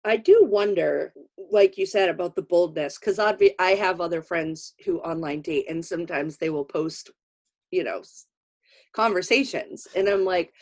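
Chatting casually on her podcast, a middle-aged host spins lively stories and laughs frequently. Her voice sits on the low side, and she talks at a normal speed.

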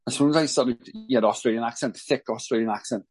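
A Welsh man speaks as a podcast guest, full of lively anecdotes. His voice sits in an ordinary middle pitch. He talks in relaxed, friendly conversation. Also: quick pace, slightly rough. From Wales. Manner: chatty, animated storyteller. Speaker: guest musician. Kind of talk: casual podcast chat.

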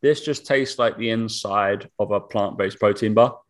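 Man, young adult, easygoing, laughs often, fairly low voice. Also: normal speed, a little hiss or hum. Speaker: co-host. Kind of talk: casual chat.

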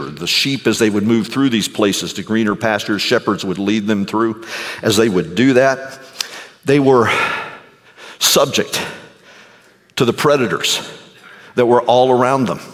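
Male pastor, animated sermon delivery, hushed to booming, recorded in a long-reverb hall. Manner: animated storytelling, swinging from hushed low to loud high.

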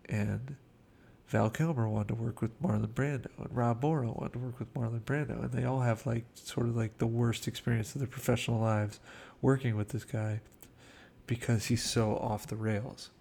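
A man's voice: medium pitch, steady tone, normal speed, vocal fry, warm tone, breathy edge. A man casually telling behind-the-scenes film anecdotes in a chatty way, acting out quotes. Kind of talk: casual storytelling commentary.

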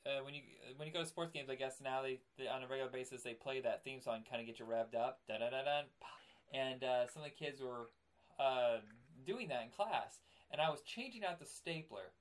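Young guy podcast cohost, animated storyteller, medium pitch, gets loud acting stuff out. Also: a little fast. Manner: animated storyteller, acts out scenes with loud outbursts. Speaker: podcast co-host. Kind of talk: casual chat.

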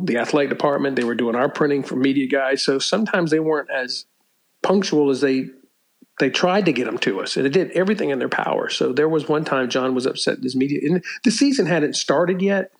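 An older man tells stories in a casual interview, restarting often, clearing his throat and laughing at his own tales. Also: on the high side, poor audio. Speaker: former college sports media relations staffer, guest.

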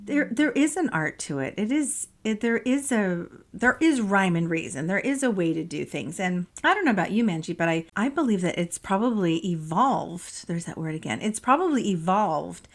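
A woman's voice: mid-range voice, lively intonation, normal speed, few pauses. Woman, podcast co-host, casual chat, giggly, chatty.

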